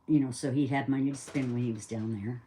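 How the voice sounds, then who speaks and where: A woman's voice: rumbling low, steady tone, quick pace, mellow, a little hiss or hum. An older woman recounts a memory in plain, everyday speech. She rambles a little and keeps things casual and conversational. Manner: chatty, rambling, acts out dialogue. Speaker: storyteller. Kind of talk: casual spoken storytelling.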